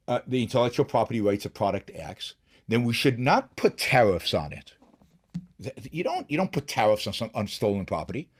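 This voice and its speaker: A husky, medium-pitched male voice comes from a middle-aged man hosting his own political commentary show. He talks with emphasis and keeps restarting and repeating words.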